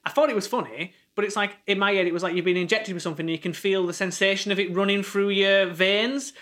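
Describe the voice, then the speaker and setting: A man's voice: high voice, fairly even intonation, fast, fairly bright tone. A man, co-hosting a casual music podcast, chatty and rambling, laughing often. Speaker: podcast co-host. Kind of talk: casual chat.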